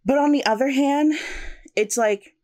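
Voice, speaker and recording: A woman's voice: high-pitched, unhurried, a little mellow. A young woman co-hosting a casual podcast chat, reflective and searching for words, often restarting her sentences. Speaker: podcast co-host.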